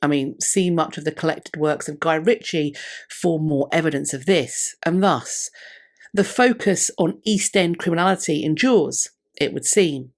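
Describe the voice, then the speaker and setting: A woman with a fairly low voice presents a history video. Her delivery is scripted and measured, and she reads quotations from scholars in the same composed tone. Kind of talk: scripted narration.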